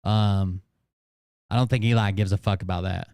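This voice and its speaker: A man's voice: lowish voice, steady tone, normal speed, a little mellow, clean tone, no room sound, studio quality. A man hosting a live stream, reacting to clips in a blunt, profane and sarcastic way. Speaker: channel host reacting to clips.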